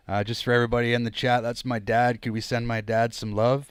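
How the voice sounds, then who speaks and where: A man's voice: mid-range voice, level tone, fairly quick, hardly any pauses, clear, resonant tone, no room sound. A Canadian man with a Canadian accent, chatting casually on his livestream and rambling to his viewers. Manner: rambling, chatty, talks to chat. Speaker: livestream host.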